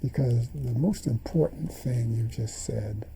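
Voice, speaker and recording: A man's voice: mid-range voice, a little slow, vocal fry, few pauses, warm tone, slight background noise, low-quality recording. An older man in an interview, animatedly retelling events and acting out the dialogue he quotes. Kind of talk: storytelling in an interview.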